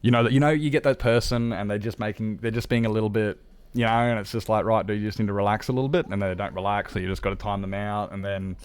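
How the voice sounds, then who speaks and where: A man chatting casually on a live game stream, rambling and joking, with sudden high, excited greetings. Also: racing, clean tone.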